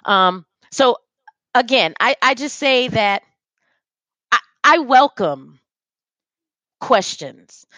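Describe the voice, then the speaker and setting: A fired-up woman speaks in a somewhat high voice over a video call, swearing freely and stumbling through restarts as she presses her points. The sound is dry, with no room echo at all. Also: expressive, slow, long pauses, a bit bright. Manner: emphatic, profane, frequent restarts. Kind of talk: casual conversation.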